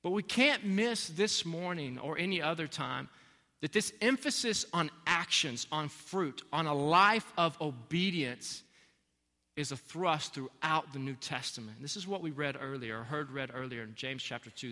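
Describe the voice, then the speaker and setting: A man preaches in a church sanctuary, his bright, somewhat high voice ringing with a long hall reverb. He speaks earnestly and repeats key phrases to drive them home. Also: expressive, moderate pace. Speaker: pastor. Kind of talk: sermon.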